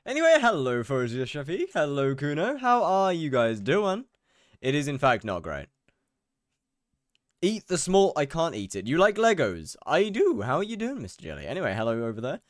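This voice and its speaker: Lively chatty young male game streamer. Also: a little high, moderate pace, no room sound, clean studio sound. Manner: greets chat viewers one by one, rambling and chatty. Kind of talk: casual live-stream chat while gaming.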